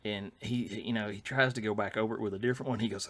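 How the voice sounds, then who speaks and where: A man's voice: on the low side, very fast, few pauses, fairly bright tone. An older man, telling rambling anecdotes as a podcast co-host, with many fillers and restarts. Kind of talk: casual storytelling chat.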